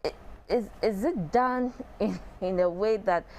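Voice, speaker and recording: A woman hosts a talk show and guides the discussion with conversational, slightly hesitant questions. Her pitch is middling, and faint background noise sits behind her voice. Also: a little slow, a little mellow. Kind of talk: broadcast talk show hosting.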